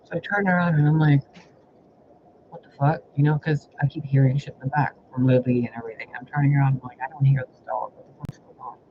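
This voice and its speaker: A man's voice: mid-range voice, steady tone, fast talker. A man telling rambling personal stories in a casual vlog, exasperated and heavy on profanity. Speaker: spiritual reader recounting personal life. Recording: dull lo-fi audio with faint hiss.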